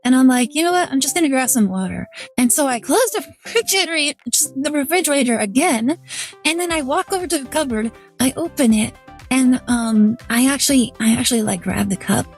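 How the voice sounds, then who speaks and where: A woman with a fairly high voice chats on her stream, telling a long anecdote in a loose, rambling way. She talks straight into a desk mic with faint music playing underneath. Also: fairly quick. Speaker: VTuber streamer. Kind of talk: casual stream chat.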